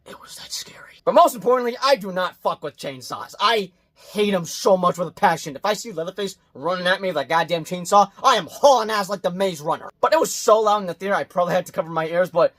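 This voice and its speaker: A man doing a casual movie review vlog, talking bluntly and swearing, swinging between loud outbursts and quiet muttered asides. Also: high voice, animated, fast, few pauses. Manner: blunt and profane.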